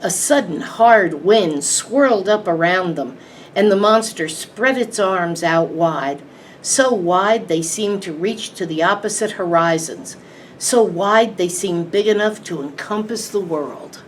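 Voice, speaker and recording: A woman librarian reading a children's book aloud in an expressive, measured way. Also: on the low side. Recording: distant mic, faint background hiss.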